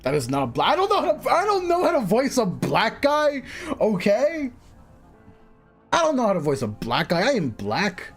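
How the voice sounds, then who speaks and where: Brief: young male streamer, lively, self-mocking rambler, slightly high voice. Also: moderate pace, slightly rough, faint music behind. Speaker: game streamer. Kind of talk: casual live-stream chat.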